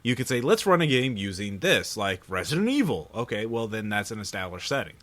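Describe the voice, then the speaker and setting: A man with a fairly low voice talking on a gaming podcast. He chats loosely, with restarts, and corrects his co-host with a pedantic streak. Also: big pitch swings, fairly quick, fairly bright tone. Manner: pedantic, chatty, laughs easily. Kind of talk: casual chat about tabletop gaming.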